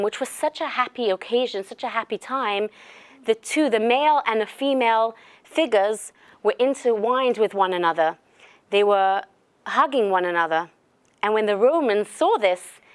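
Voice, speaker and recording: A woman giving a religious lecture in a conversational style, telling stories with fillers and restarts. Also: medium pitch. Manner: conversational, animated storyteller. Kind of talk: lecture with storytelling.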